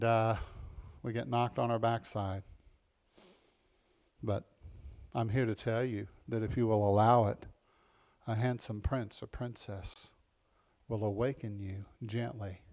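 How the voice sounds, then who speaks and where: A male pastor preaching a sermon in an animated way, dropping to soft, intimate passages and rising to loud, emphatic ones, often asking the congregation questions and laughing. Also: mid-range voice.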